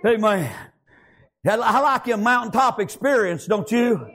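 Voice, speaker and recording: This is a fervent sermon from a man whose voice is very high-pitched. He keeps erupting into shouts, and no pause goes by without a "praise God" or an "amen."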